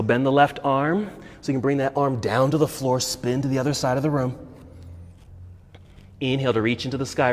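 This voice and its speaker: A man teaching a yoga class, calmly cueing poses and breaths, and he is a little out of breath. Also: medium pitch, big-room sound. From United States. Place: yoga studio.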